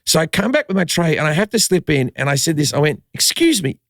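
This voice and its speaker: A man's voice: a little high, fast talker, no echo, studio quality. A man telling a story as a comedian guest on a podcast, acting out the people in it and swearing freely. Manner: animated, acts out quotes, swears freely. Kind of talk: casual storytelling.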